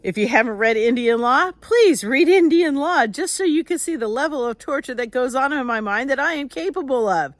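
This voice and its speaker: A woman's voice: sits high, animated, moderate pace, few pauses, dry recording. Nasal older woman chatting on a stream. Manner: rambling, chatty, greets viewers by name. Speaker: author. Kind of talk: casual live-stream chat.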